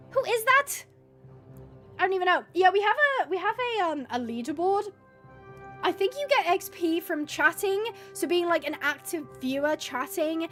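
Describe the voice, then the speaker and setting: A woman's voice: sits high, fairly bright tone. A woman hosting a gaming livestream from home, chatting casually and bubbly with her viewers as she reads the chat. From United Kingdom.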